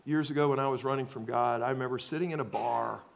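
A man preaching a sermon, swinging between loud acted-out outbursts and quiet, earnest asides. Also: medium pitch, steady tone, fast, gravelly. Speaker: pastor.

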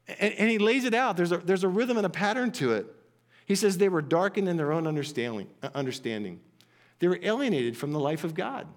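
A man preaching a sermon from scripture, earnest and emphatic, often repeating phrases. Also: high-pitched. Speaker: pastor.

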